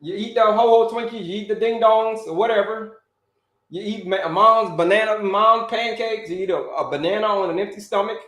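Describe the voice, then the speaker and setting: A man's voice: high-pitched, moderate pace. A man who grew up in Florida, hosting a casual live stream as a health coach, talking energetically, repeating himself and calling out to viewers. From Orlando, Florida. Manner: energetic, repetitive, calls out to viewers. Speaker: health coach and livestream host. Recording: echoey room.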